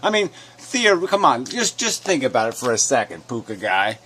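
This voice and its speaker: A man's voice: medium pitch, sing-song, normal speed, sharp tone, breathy edge. A man ranting in a sarcastic, mocking tone, swearing often and chuckling as he reacts to a clip. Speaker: commentator. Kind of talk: profane rant reacting to a clip.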